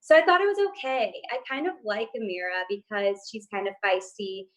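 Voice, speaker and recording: A woman's voice: mid-range voice, big pitch swings, brisk. Thoughtful woman panelist full of ums. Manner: thoughtful, hedging with many ums. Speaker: co-host panelist. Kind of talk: casual TV recap discussion.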